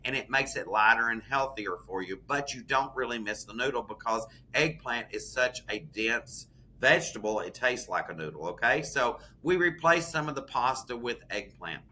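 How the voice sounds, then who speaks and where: A man with a Southern US accent chatting as a podcast co-host, folksy and animated, calling the listener "honey". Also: medium pitch, moderate pace, slight background noise. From American South. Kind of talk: casual chat.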